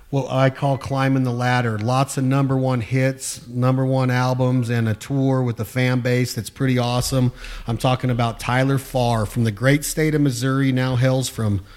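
A man's voice: medium pitch, flat delivery, moderate pace, darkish tone. A man hosting a podcast, chatty and upbeat, introducing his guest and asking eager questions. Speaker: podcast host. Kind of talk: casual podcast interview.

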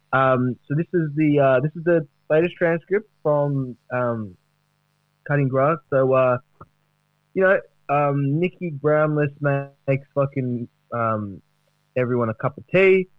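A man's voice: medium pitch, dry recording, narrow, tinny audio. A man hosting a comedy podcast, rambling and swearing casually. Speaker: podcast host.

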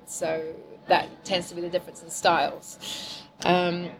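A middle-aged woman from New Zealand with a mixed, softened accent, talking casually and laughing easily as an improv teacher on a podcast. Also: lowish voice, monotone, measured pace, background noise. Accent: New Zealand, softened by years in England. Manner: chatty, laughing, self-deprecating. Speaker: improv teacher and corporate trainer.

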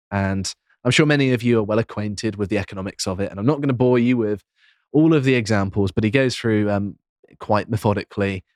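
Low-voiced podcast host, dry sound. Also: male voice, no echo. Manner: reads quotes aloud, measured, frequent ums. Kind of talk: casual political discussion.

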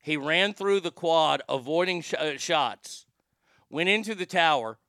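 A man's voice: on the high side, lively intonation, unhurried, sharp tone, no echo, clean studio sound. A man hosting a show, giving a brash, profane, rambling opinion monologue.

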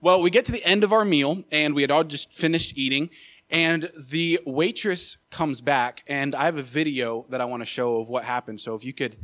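A young man tells a story from the pulpit, animated and chatty, with many uhs and restarts. His voice sits a little high for a man. He speaks into a microphone in a church sanctuary. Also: normal speed. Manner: animated storyteller, filler uh, repeated words. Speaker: associate pastor. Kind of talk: sermon with personal story.

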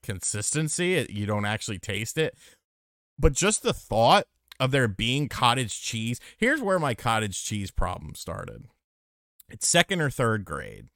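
A man with a bright, forceful voice swears his way through animated, casual stories. His pitch jumps and dips all the time, and the close mic keeps the sound dry and without echo. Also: smooth. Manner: profane, animated storytelling. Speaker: podcast co-host. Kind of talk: casual chat.

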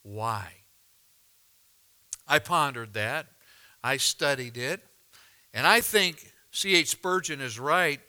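A man preaching a sermon, reading scripture aloud and explaining it with deliberate, dramatic pauses. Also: mid-range voice, sharp tone, smooth. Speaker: pastor.

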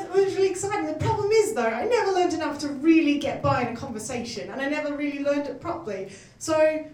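Woman comic, high bright voice, self-mocking club set caught from a distance in a roomy venue. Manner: chatty, self-mocking, laughing at her own jokes. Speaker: stand-up comedian. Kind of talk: stand-up comedy set. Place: comedy club stage. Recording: roomy, distant live venue mic with faint ambience.

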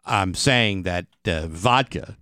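A man's voice: deep voice, slow pace, sharp tone, clean tone, no room sound. A man co-hosting a radio show, chatting casually with dry teasing and frequent stumbles and repeated words.

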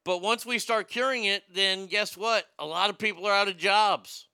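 Guy doing casual news commentary, bright crisp voice, bit gravelly, jokes a lot, stumbles and restarts. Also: high-pitched, moderate pace, dry recording. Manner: irreverent, joking, stammers and restarts. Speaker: show host reading news and chat comments.

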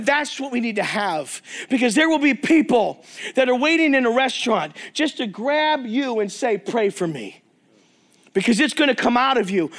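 Man, middle-aged, traveling preacher, very high voice, emphatic, repetitive, sermon and prayer. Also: a bit bright. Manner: emphatic, repeating phrases for effect.

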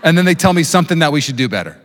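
A male pastor in his thirties preaches at speed, breaking into quick jokes and asides at his own expense. His voice sits a little high, and the sound trails off in the long reverb of a big hall. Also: very animated, fairly bright tone. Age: 30s. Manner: fast-talking, jokey, self-deprecating asides. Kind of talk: sermon. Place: church auditorium with live congregation.

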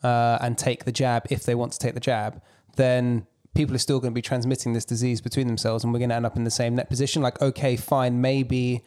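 A man co-hosting a casual podcast chat who explains points in a measured way. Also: medium pitch, level tone, a little mellow. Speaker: podcast co-host.

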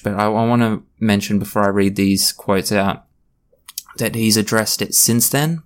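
This solo podcast host has a deep, gravelly voice and delivers an emotional rant. He talks with blunt passion throughout the monologue.

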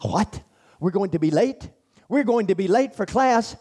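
A man's voice: expressive, fairly quick, a little mellow, natural voice. A man voicing his easygoing young male college roommate, a simple, trusting guy who talks in a playful, folksy way. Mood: mock panic. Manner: raised pitch, playful folksy speech.

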